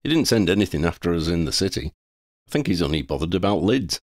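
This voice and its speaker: A man's voice: sits low, big pitch swings, fast talker, no echo, clean studio sound. Man doing an offhand teenage boy.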